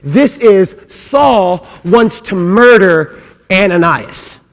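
Pastor guy preaching, high voice, big reverby church, goes loud then whispery. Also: expressive, drawn-out words. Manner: dramatic swings between loud and hushed delivery; acts out quoted voices, humorous asides. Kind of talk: sermon. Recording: long hall reverb.

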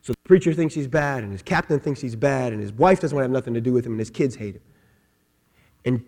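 A pastor preaching an impassioned sermon, dropping to hushed tones and then building to shouts. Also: male voice, medium pitch, quick pace, in a large hall.

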